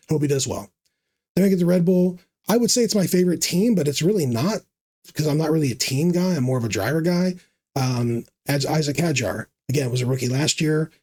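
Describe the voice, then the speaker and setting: A man rambling through casual commentary, sarcastic and teasing, full of fillers and restarts. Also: medium pitch. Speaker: fantasy sports video host.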